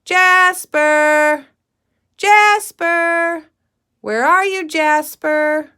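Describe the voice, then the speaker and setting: An eager little girl from a storybook calls out for her pet in a high, loud voice, as a woman teacher puts her on. She stretches each call out slowly and drags the words. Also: sing-song. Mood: calling loudly. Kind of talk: reading a storybook aloud to children.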